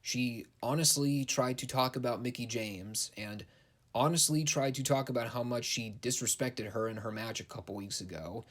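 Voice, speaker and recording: A man's voice: medium pitch, moderate pace. A young man giving a casual, blunt and sarcastic recap of wrestling shows, swearing freely. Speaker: wrestling show reviewer.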